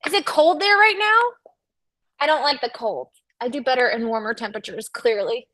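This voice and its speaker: A woman's voice: high-pitched, lively intonation, moderate pace, fairly bright tone. A woman hosting a casual livestream from a studio, chatting and teasing with viewers and crew, often laughing. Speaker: livestream host. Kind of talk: casual chat with live viewers.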